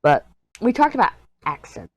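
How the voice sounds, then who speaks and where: A woman's voice: mid-range voice, big pitch swings, moderate pace. A woman in her thirties chatting casually as a crafting vlogger while she works, rambling, easily sidetracked, candid and jokey. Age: 30s. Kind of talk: casual chat while diamond painting.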